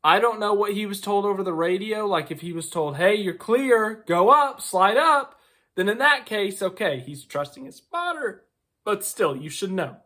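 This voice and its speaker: A man's voice: sits high, animated, moderate pace, fairly bright tone. A man giving casual, opinionated racing commentary to camera, talking in a loose conversational way with asides.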